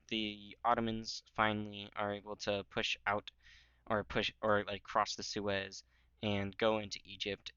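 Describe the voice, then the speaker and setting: Young man, rambling map commentary, lots of ums, low-ish voice, dull lo-fi recording. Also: sharp tone, clean tone, no room sound. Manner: rambling, many fillers, jokey voices for nations. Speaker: history video creator. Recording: dull lo-fi mic.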